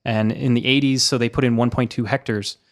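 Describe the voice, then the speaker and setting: A man's voice: medium pitch, steady tone, a little fast. A man co-hosting a casual podcast chat, explaining at an easy pace with a few fillers. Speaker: podcast co-host.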